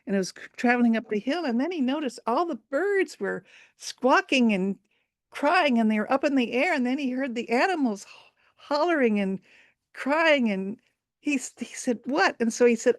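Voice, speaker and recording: A woman telling a folk tale over a video call, in a halting, informal way. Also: a little high, no echo, studio quality. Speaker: storyteller.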